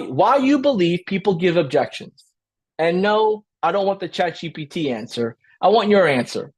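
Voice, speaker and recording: A man with a high-pitched, slightly rough voice coaches a live webinar with lots of energy. He frequently says "right?" to check in, repeats what he's said, and acts out client exchanges in quick role-plays.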